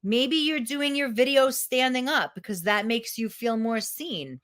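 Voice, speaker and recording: Candid woman coach on a live stream, curses casually, lively up-and-down delivery. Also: on the high side, measured pace. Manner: frank, swears freely, animated storytelling. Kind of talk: live video talk to viewers.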